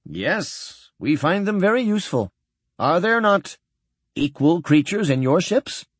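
A man voicing a curious female alien guide who speaks slowly, with careful enunciation. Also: sits high, sing-song, slightly rough, dry recording, pitched above the performer's own voice, full character voice. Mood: probing.

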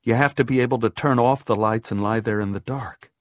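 A man reading a first-person horror audiobook, measured, dropping low and quiet on grim lines. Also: no echo, clean studio sound. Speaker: audiobook narrator.

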